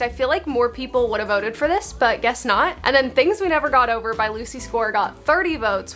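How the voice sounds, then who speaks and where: A woman's voice: sits high, a bit bright. A young woman in her twenties vlogging at home about her reading, bubbly and gushing, often giggling. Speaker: book vlogger. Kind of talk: casual vlog chat.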